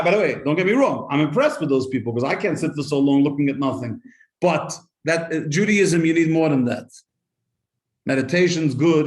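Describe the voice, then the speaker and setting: This is a man, a rabbi, with a high-pitched voice, teaching Torah with liveliness to people in the room. Stories, rhetorical questions and on-the-fly translations of Hebrew quotes fill the class, and the recording is reverberant.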